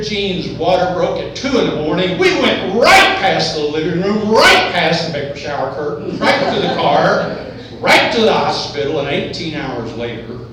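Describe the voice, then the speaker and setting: Man, high lively voice, comic storyteller playing it up, heard from afar in an echoey hall. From Oklahoma. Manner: animated, playfully exaggerating. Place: event hall, indoors. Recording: echoey hall, distant mic, background noise.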